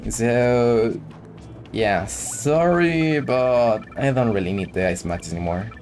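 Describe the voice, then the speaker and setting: A man's voice: mid-range voice, takes it slowly, darkish tone. A man giving casual, joking commentary while playing a video game, talking to the viewer with self-mocking asides. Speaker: let's play host. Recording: faint game music underneath.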